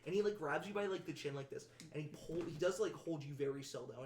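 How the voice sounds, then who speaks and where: A woman narrating a tabletop game as game master, excitable and full of fillers. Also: low voice, fast talker, hardly any pauses, a little hiss or hum. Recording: roomy echo, distant from mic.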